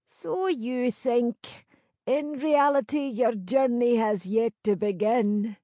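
A woman voicing a wise old crone with the sight, speaking in a slow, knowing, archaic way. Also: fairly high pitch, warm tone, no room sound, clean studio sound, pitched above the performer's own voice. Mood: cryptic. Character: wise old female crone seer, cryptic.

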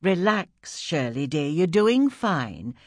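A narrator voicing a gentle, patient nun who works as a midwife, talking softly and soothingly to a patient in an audiobook. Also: female voice, low voice, very animated, slow pace, no room sound, clean studio sound, full character voice. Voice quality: soft, soothing.

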